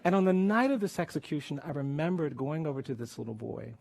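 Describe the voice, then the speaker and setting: A man, a lawyer, telling a personal story in an emotional public speech, earnest and grave, often dropping to a quiet intensity. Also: a little high, expressive, fast talker, vocal fry.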